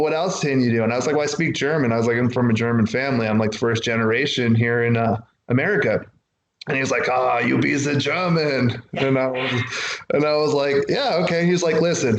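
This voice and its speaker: Guy rambling through wrestling-days stories, doing little voices for people, roomy echo and some faint hiss. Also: medium pitch. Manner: rambling, acts out quotes from others. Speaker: wrestler guest. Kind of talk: casual interview storytelling.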